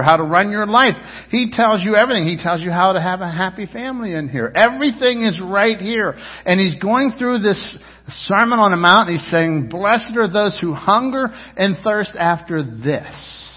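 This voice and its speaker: Male preacher, fairly high husky voice, emphatic sermon, dull recording in a reverberant hall. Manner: emphatic preaching with repeated words and calls to the congregation. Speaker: pastor.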